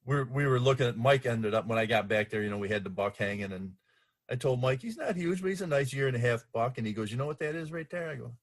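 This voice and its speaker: A man's voice: mid-range voice, expressive, fast. Middle-aged man telling a laid-back anecdote. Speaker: podcast guest, host's father. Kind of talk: casual conversation.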